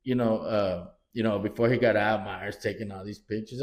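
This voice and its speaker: This middle-aged podcast co-host has a fairly low voice, normal speed and hardly any pauses. Chatting casually, he tells family stories with lots of swearing and acted-out quotes, animated throughout; the room echoes noticeably.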